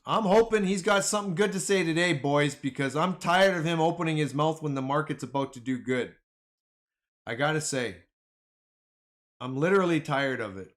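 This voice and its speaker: This man's pitch is a little high and his speed is normal. He streams live about the stock market, answering his viewers in an excitable, casual, slang-heavy way.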